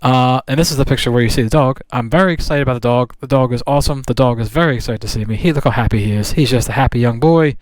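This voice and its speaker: A man's voice: medium pitch, fast talker, hardly any pauses, no echo. A man vlogging about motorcycles in a casual, rambling chat with lots of restarts. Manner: rambling, with many restarts and fillers. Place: riding or parked outdoors on a motorcycle.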